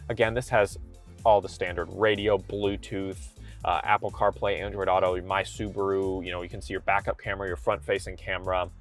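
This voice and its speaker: A man's voice: sits low, little pitch movement, fairly quick, soft background music. A man from Kentucky giving an upbeat, conversational walkaround review from inside a car cabin.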